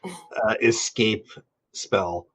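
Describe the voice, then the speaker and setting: A man co-hosting a podcast, chatting about an anime in a halting way with many ums and restarts. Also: on the low side, sing-song, a bit bright, husky. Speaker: podcast co-host. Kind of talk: casual chat about an anime.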